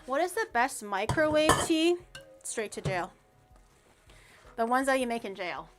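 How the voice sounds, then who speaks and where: A woman's voice: a little high, sing-song, unhurried, over music. A woman streamer chatting casually with her viewers while baking in her kitchen, playful and teasing as she reacts to chat. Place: home kitchen.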